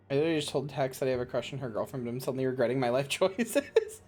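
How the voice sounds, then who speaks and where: A woman's voice: a bass voice, lively intonation, racing, few pauses, darkish tone, faint music behind. A woman streamer chatting casually and playfully while she plays a game. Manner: playful, giggly, teasing. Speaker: VTuber streamer. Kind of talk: casual livestream chat while gaming.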